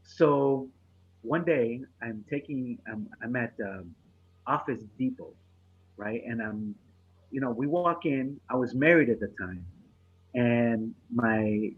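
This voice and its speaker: A man, a comedian, casually telling a profane story on a podcast, getting animated and laughing through the punchline. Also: medium pitch, slow, husky, phone-quality sound.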